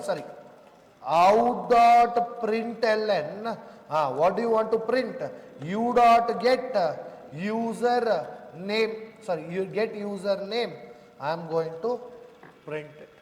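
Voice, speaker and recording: Brief: high-pitched man teaching coding live, keeps checking if students follow, reverberant classroom sound. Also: takes it slowly, a little mellow. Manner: talks students through code step by step, asking checking questions; addresses students as "sir" and "boss". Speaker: programming instructor. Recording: echoey room with long reverb.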